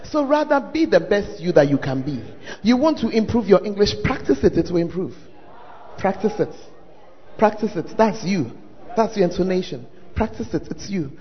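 A man preaching a sermon as pastor, animated, with sudden shouted exclamations. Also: high-pitched, normal speed. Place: large church hall. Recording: dull sound with long hall reverb. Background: faint congregation.

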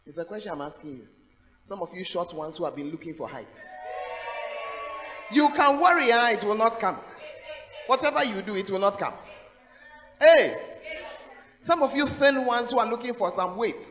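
A woman's voice: medium pitch, moderate pace, long pauses, in a large hall, rough recording. A woman with a Ghanaian accent preaching a sermon in a large church, calling out to the congregation and laughing as she speaks. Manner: animated, calls out "Hey!", laughs while preaching.

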